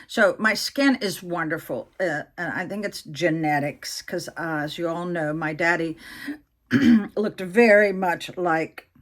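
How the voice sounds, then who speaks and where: A woman's voice: fairly low pitch, unhurried. A woman in her sixties, a vlogger chatting candidly to her viewers, telling a personal story with plenty of fillers and asides. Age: 60s. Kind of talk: casual storytelling to camera.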